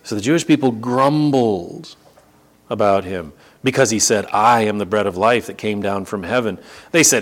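A man preaching a sermon, reading scripture aloud and explaining it, repeating words for emphasis and slowing down to stress key phrases. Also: on the low side, expressive.

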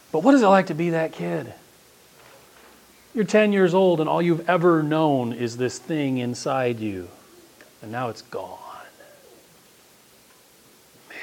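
Brief: male preacher with a twang, mid-pitched voice, folksy and conversational, swings between big emphatic peaks and hushed asides. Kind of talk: sermon.

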